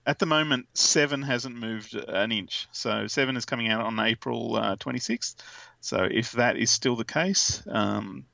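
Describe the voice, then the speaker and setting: A man's voice: medium pitch, measured pace, vocal fry, pushed and bright, no room sound, lo-fi sound. A chatty, giggly man, co-hosting a casual podcast and reading text aloud playfully. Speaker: podcast co-host. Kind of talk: casual comic podcast chat.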